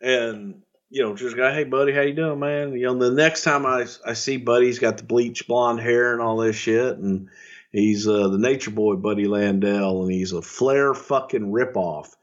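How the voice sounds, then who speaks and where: A man's voice: mid-range voice, fairly even intonation, moderate pace, dull audio. Profane, rambling male storyteller. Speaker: podcast storyteller. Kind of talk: casual storytelling chat.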